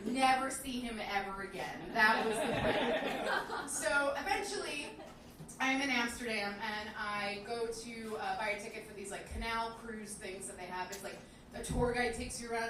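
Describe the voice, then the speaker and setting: A young woman with a high voice tells a stand-up story, chatty and self-deprecating and full of fillers. She is recorded from a distance in a very echoey club with clear room noise behind her. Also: moderate pace. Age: 20s. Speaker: stand-up comedian. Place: comedy club stage.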